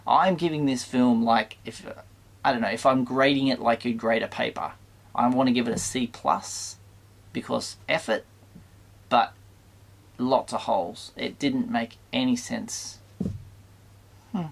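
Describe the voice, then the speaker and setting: A man with a middle-pitched voice and a noticeably gravelly edge talks straight to his viewers. His delivery is casual and halting, full of restarts and mild exasperation. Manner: hesitant, halting, with many restarts; mildly exasperated, conflicted. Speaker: toy channel host reviewing a film. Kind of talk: casual spoken review to camera.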